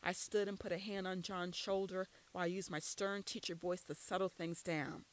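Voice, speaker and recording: A woman's voice: fairly low pitch, normal speed, low-quality recording. A woman reading a first-person story aloud as scripted narration, telling it steadily. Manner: steady storytelling with quoted dialogue.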